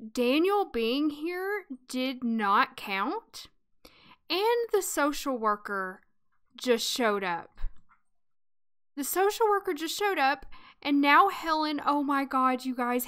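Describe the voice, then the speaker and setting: A woman's voice: high voice, bright, forceful tone. A woman hosting a let's play, commenting casually on her game and reacting with dramatic emotion while addressing viewers.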